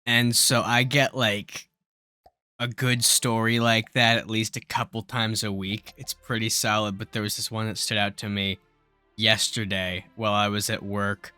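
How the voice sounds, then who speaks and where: A man's voice: lowish voice, little pitch movement, unhurried, sharp tone, clean tone, no echo, faint music behind. A young man casually talking and swearing at his mistakes while building a spaceship in a game. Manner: swears freely, grumbles and exclaims at mistakes; rambling storytelling with filler words.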